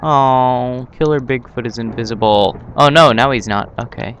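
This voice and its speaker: A young man hosting a gaming channel, giving casual, excitable commentary on his own gameplay with yelps and laughs. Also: mid-range voice, normal speed, a little hiss or hum.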